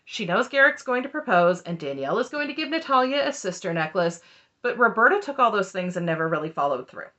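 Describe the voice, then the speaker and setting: A woman's voice: medium pitch, very animated, quick pace, bright, forceful tone. A woman hosting a casual, chatty recap with snarky asides. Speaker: recap host. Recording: muffled lo-fi audio.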